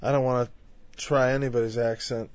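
A man's voice: medium pitch, level tone, brisk, a little mellow, dry recording. A man preaching a conversational sermon on a Bible passage, full of "you know" asides and rising into impassioned lists. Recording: dull, dry lo-fi recording.

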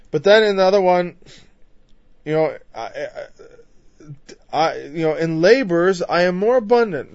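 Male preacher, somewhat high voice, conversational and impassioned; dry, dull lo-fi recording. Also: a little mellow, no room sound. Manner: talkative, peppered with "you know", builds to impassioned lists. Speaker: preacher teaching a Bible passage. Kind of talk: conversational sermon.

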